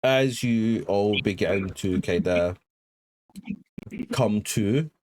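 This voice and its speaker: Slow, halting game master man. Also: lowish voice, a little mellow, a little hiss or hum, poor audio. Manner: slow, halting narration with many ums. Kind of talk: narrating a tabletop horror game.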